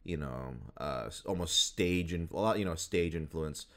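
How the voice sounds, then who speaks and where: Very low-pitched male co-host, casual rambling chat, lots of ums. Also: moderate pace. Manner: rambling, many fillers and restarts. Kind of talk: casual chat about voice actors.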